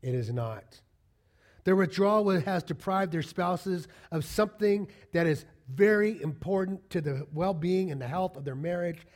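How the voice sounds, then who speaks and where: A man's voice: sits high, animated, normal speed, a little mellow. A man preaching a conversational sermon to his congregation, acting out little quoted exchanges as he goes. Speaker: pastor.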